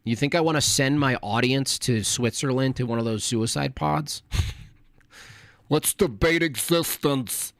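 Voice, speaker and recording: A man's voice: mid-range voice, normal speed, gravelly, few pauses, no echo. A man on a live stream, reading his chat aloud and shooting back with combative mockery. His voice sits in a middle range and is recorded close and dry, with no room sound around it. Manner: mocking, combative, sarcastic.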